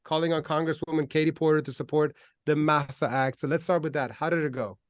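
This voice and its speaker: A man's voice: a little high, fairly even intonation, fast talker, no echo, clean studio sound. A man hosting an online talk show, speaking enthusiastically with frequent ums and restarts. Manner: enthusiastic, hesitant with fillers. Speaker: host.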